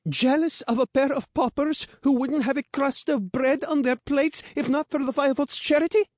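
A haughty, sneering young noblewoman, put on by a male narrator in a storybook reading. The voice sits very high and has a thin, unfamiliar timbre, dripping with mockery. The recording is dry and close. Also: lively intonation, normal speed, darkish tone, no echo. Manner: sneering, mocking. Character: smug, spiteful noble teenage girl.

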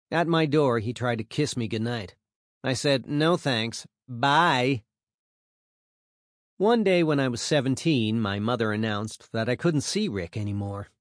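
A man's voice: medium pitch, no room sound. Man narrating a memoir, dry sound. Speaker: audiobook narrator. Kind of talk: first-person memoir narration.

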